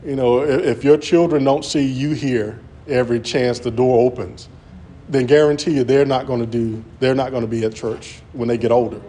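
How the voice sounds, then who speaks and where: A man's voice: mid-range voice, steady tone, normal speed, warm tone, slight background noise. A man preaching an earnest sermon, often restarting his words as he presses his points. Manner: earnest, repetitive, stammering restarts.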